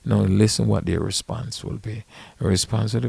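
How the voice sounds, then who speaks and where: A caddy and podcast host telling stories in a blunt, profane, emphatic casual rant. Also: male voice, fairly low pitch, normal speed, vocal fry, darkish tone, husky, dry recording.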